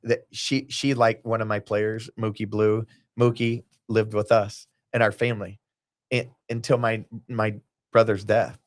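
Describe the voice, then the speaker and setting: A man's voice: fairly low pitch, little pitch movement, a little slow, dry recording, clean studio sound. A man in a casual podcast chat who rambles from tangent to tangent, acting out what people said. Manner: rambling storyteller, jumps between tangents, acts out quotes. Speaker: guest, basketball team owner.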